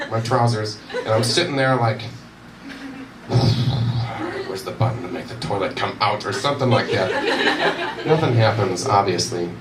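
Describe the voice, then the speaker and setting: A young man telling a rambling, self-deprecating stand-up story at a university comedy night. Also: mid-range voice. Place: university event room with audience. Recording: roomy echo, distant mic, audience noise.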